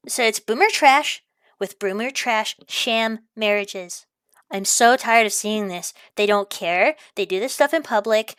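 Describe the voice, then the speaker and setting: A woman's voice: on the high side, moderate pace, fairly bright tone, clean tone, dry recording, studio quality. A woman delivering an exasperated, profane rant, repeating herself as she vents. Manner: exasperated, profane, repetitive ranting. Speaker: ranting vlogger. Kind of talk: angry rant monologue.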